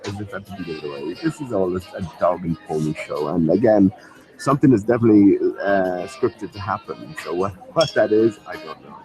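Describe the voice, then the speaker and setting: A man's voice: low voice, animated, a little fast, over music, poor audio. A man hosting a casual pub chat, rambling and hesitant, dismissive of what he hears. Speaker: host.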